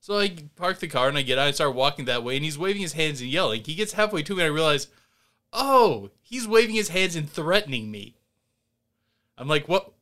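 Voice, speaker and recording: A man co-hosting a podcast, telling stories in a laid-back, animated way. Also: on the high side, a little fast. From Indiana, US. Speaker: podcast co-host. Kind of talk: casual chat, storytelling.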